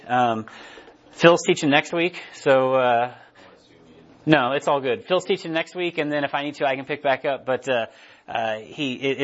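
A man preaching in a casual, conversational way and often checking in with "right?", heard on a dull lo-fi recording. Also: medium pitch. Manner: casual, keeps asking "right?". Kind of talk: conversational Bible teaching.

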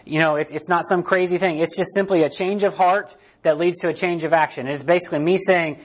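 A man's voice: fairly high pitch, a little fast, breathy edge, highs cut off. A man preaching a sermon in a conversational way, often checking in with "right?" and restarting his sentences. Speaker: pastor.

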